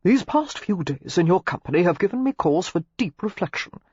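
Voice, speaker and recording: A woman's voice: lowish voice, big pitch swings, brisk, darkish tone, breathy edge, no room sound, heavily acted. Woman doing an ardent young lord. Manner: earnest, flowery declarations. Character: ardent young English lord, besotted suitor. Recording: slightly muffled lo-fi recording.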